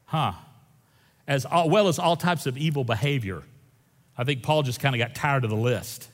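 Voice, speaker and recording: A man preaching a sermon as a pastor, folksy and animated, moving between loud stretches and hushed ones. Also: medium pitch, normal speed. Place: church sanctuary. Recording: long reverb in a large hall.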